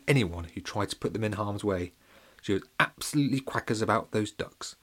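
A man narrating a children's audiobook in a playful, animated storytelling way, speaking directly to the young readers. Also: lowish voice, brisk, husky.

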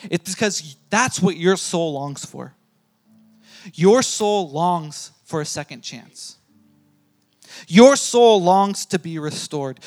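Guy preaching a sermon in church, kinda high voice, hammers the big lines then drops soft. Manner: emphatic, repeats key phrases, swings loud and soft. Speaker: pastor. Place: church hall with a congregation.

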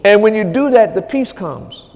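Male preacher, high voice, swings from hushed murmurs to shouted commands, long hall echo. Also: sing-song, moderate pace. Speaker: pastor. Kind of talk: charismatic sermon.

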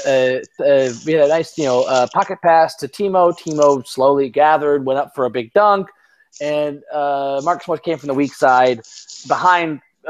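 A fairly high-voiced young man in loose podcast chat, swearing freely and tripping over his own restarts. His talk is full of fillers as he rambles from point to point. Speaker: podcast co-host. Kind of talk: casual sports chat.

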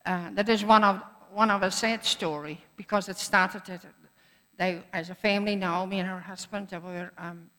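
A woman's voice: medium pitch, steady tone, moderate pace, a bit bright. A woman preacher giving a sermon in an earnest manner, repeating phrases for emphasis. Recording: echoey hall.

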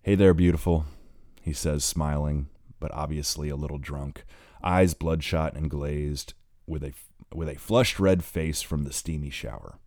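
A man with an extremely low, dark voice narrates an audiobook. His reading is plain and measured. He is recorded on a close mic in a dry space. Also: steady tone, no room sound.

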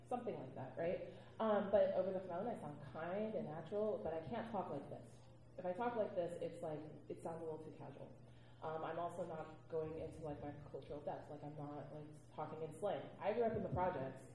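Animated woman with a dark, mellow voice. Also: sits low, fairly quick, very echoey, a little hiss or hum. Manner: animated storyteller, laughs often, acts out quoted voices. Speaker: panelist. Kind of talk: panel discussion.

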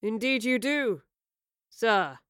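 A man's voice: very high voice, lively intonation, slow, fairly bright tone, clean tone, no echo, clean studio sound, exaggerated voice. A woman reading a storybook voices a proud young man with formal, cutting remarks. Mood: cold. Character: young man, proud, sharp-tongued, searching.

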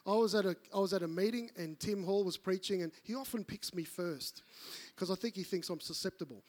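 A man preaching a sermon, telling stories and acting out the voices of the people in them. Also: sits high. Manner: animated, acts out voices in his stories. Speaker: pastor. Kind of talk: sermon with storytelling.

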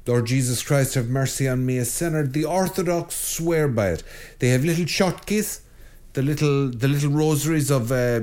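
In an informal spiritual talk on his own show, a middle-aged priest jokes animatedly, often restarting and stammering. He speaks at medium pitch.

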